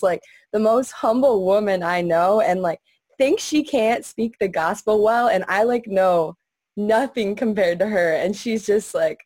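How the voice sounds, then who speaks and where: A woman's voice: medium pitch, a little mellow, no echo. A young woman on a video call gushes about two friends, saying "like" often. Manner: gushing, says "like" a lot. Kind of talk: heartfelt casual tribute.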